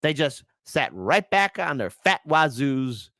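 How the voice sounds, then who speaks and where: A man's voice: a little high, slow, dry recording, studio quality. A man hosting a live political commentary stream, sarcastic and talking to his chat. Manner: sarcastic, animated, talks to chat.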